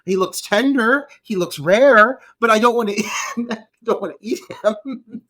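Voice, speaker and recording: A man's voice: high voice, a little slow, pushed and bright. A man co-hosting a podcast, blunt and joking as he reacts to a film, swearing and laughing. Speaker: podcast co-host. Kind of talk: casual movie review chat.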